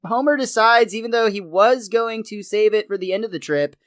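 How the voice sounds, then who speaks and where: A podcast co-host recapping a cartoon episode in a lively storytelling way, laughing often. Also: mid-range voice, fairly quick, no room sound, studio quality.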